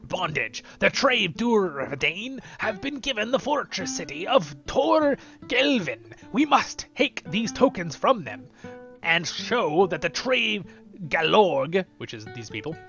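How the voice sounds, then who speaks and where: A man's voice: high-pitched, sing-song, slow, gravelly, pushed and bright, dull audio, soft background music, voice pushed up, exaggerated voice. A man reading a grim male tribal envoy from a game in a solemn, urgent tone, trying out an accent.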